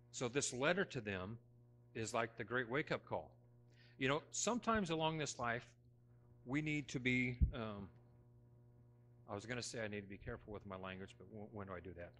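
A middle-aged man preaching a sermon as pastor, talking conversationally with folksy, self-deprecating humor, moving between loud emphasis and hushed asides. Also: mid-range voice, slight background noise. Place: church sanctuary.

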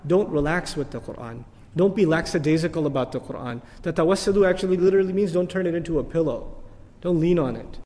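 A man giving an animated lecture on the Quran, swinging between emphatic peaks and soft asides and chanting Arabic verses in quick bursts. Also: a little high, big-room sound. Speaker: Islamic lecturer.

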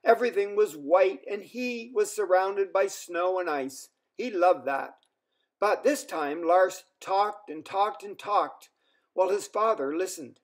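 A man telling a children's story in an unhurried, expressive way. His voice sits fairly high for a man. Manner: slow, expressive. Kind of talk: children's story read-aloud.

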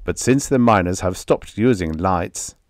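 Man playing a calm deferential foreman, low voice, slow and plain. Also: no room sound, clean studio sound. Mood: matter-of-fact. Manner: plain, respectful, matter-of-fact.

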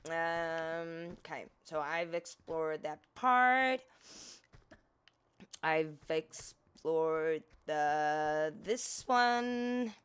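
Bright-voiced woman chatting through gameplay. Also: low voice, lively intonation, very slow, smooth. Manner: chatty, exclamatory, talks to the game character, swears freely. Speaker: gaming streamer. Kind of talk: casual gameplay commentary.

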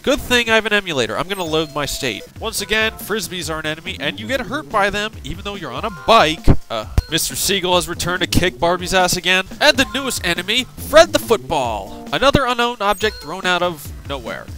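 A man's voice: high voice, big pitch swings, a little fast, few pauses, pushed and bright, soft background music, poor audio. Sarcastic, foul-mouthed male game reviewer. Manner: sarcastic, profane, exasperated. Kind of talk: ranting gameplay commentary.

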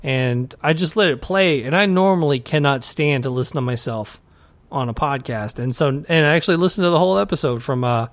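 A laid-back male podcast co-host chatting casually, with a fairly high voice. The recording is dry and close, with no room sound. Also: brisk, dry recording. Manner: laid-back, says man a lot. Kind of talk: casual chat.

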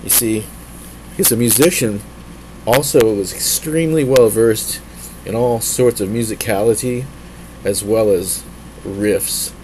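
A man's voice: fairly low pitch, measured pace, pauses often, a little mellow, slight background noise, poor audio. A man streaming from a tablet, a musician who rambles casually, jokes around and keeps slipping into silly voices. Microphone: tablet mic.

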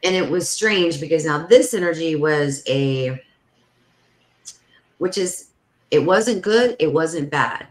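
A woman with a low voice tells her story with lively energy, peppering it with "like" and acting out every voice. The sound is roomy with a clear echo. It has the feel of a casual podcast chat. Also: takes it slowly, pauses often. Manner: animated, full of "like", acts out the voices in her story. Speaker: podcast guest.

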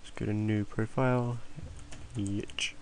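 A man's voice: on the low side, level tone, slow, slight background noise. A young man, rambling offhandedly through a screen-recorded game tutorial while fighting a cold. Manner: offhand, rambling, mutters to himself. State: has a cold. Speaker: tutorial maker.

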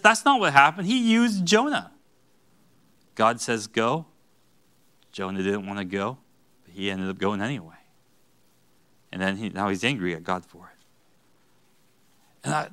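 A man preaching a sermon as pastor, animated, with joking asides and acted-out quotes. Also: on the high side. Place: church sanctuary.

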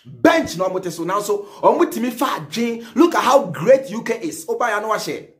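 A man with a Ghanaian accent delivers satirical commentary as the host of a reaction show. His voice sits unusually high, and he rants theatrically and animatedly. He often slips into a sing-song repetition of phrases. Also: very animated, fairly quick.

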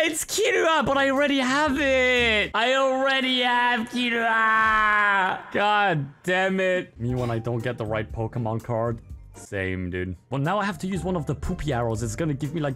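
A young man doing live gameplay commentary as a streamer, swinging between loud, swearing outbursts and low, sulky grumbling. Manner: swears freely. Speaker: gaming streamer.

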